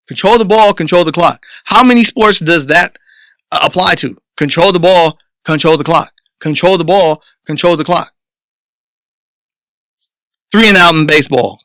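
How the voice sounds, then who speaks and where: A podcast host, emphatic and a little fast, delivers a preachy, coach-style motivational monologue in a high, bright, sharp voice. The recording is close and dry, with no echo or room sound.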